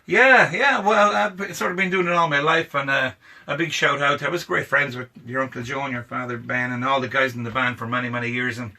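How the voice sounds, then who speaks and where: A man's voice: medium pitch, fairly even intonation, brisk, sharp tone. An Irish man, a singer and actor, chatting in a rambling, friendly way as a guest on a tour bus. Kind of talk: casual interview chat.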